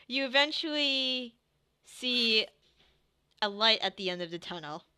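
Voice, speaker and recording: A woman runs a tabletop game, slowly narrating and pausing with fillers as she describes each scene. Her voice is bright and crisp. The recording is dry and close. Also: on the high side, animated, dry recording. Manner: halting, filler-heavy description. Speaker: game master.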